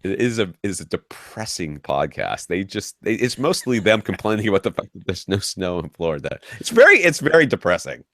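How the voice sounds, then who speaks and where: A man around forty hosts a podcast, his voice low and deep. He rants through stories with big swings in his tone, often restarting his sentences. The sound is close and dry on a studio mic. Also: fairly quick, hardly any pauses, dry recording. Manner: animated ranting storyteller, frequent restarts. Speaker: podcast host. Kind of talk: casual podcast chat.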